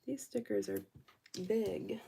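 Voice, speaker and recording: A woman's voice: medium pitch, takes it slowly, gravelly, slight background noise. A young adult woman vlogger telling a story casually while she crafts, acting out what people said. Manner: animated, acts out quoted voices.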